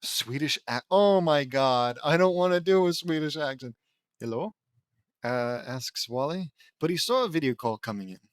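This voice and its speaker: Brief: animated, exasperated man roasting a fanfic, lively pitch, dry close mic, voice a bit worn. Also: moderate pace, hardly any pauses, smooth, no room sound. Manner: exasperated, animated, laughing asides. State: voice a little worn. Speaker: reader and commentator. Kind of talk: comedic fanfic reading with commentary.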